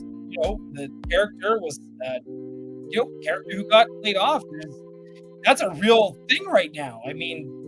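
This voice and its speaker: A man co-hosting a casual live stream, rambling and apologetic as he fumbles with the tech. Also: high-pitched. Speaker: podcast co-host.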